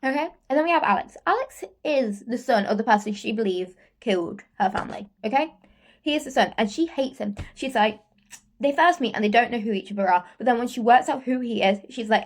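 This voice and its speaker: A woman's voice: fairly high pitch, brisk. A woman reviewing a book in a casual vlog, gushing and repetitive, tagging "okay?" onto her sentences.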